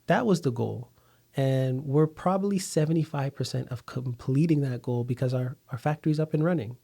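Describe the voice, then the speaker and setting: A man's voice: medium pitch, normal speed, creaky, mellow. A man, founder of a food company, talking as a guest in a conversational interview, telling his story steadily with some fillers.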